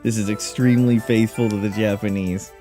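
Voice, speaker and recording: A man's voice: on the low side, fairly even intonation, a little fast, warm tone, faint music behind. A man giving casual, sardonic commentary while playing a video game, wisecracking about what's on screen. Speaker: let's play commentator.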